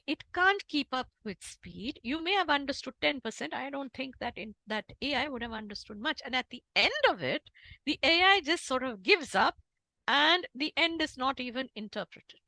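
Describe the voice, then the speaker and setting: A woman with an Indian English accent lectures emphatically, her high voice bright and lively. The sound is dry and close, with no room echo. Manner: emphatic, animated lecturing with demonstrations. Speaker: guest speaker on interpreting. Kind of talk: online talk.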